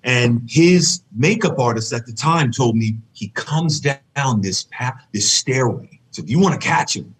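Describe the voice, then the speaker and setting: A man's voice: medium pitch, lively intonation, low-quality recording. A man chatting casually on a podcast, reacting briefly and telling a story from his past. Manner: reminiscing storyteller, quick reactions. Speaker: podcast guest.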